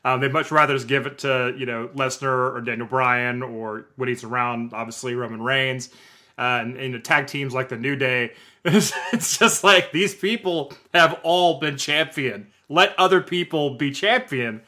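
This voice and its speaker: Jokey American podcast host. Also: male voice, medium pitch, moderate pace, bright, forceful tone. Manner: laughing, jokey. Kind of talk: casual chat.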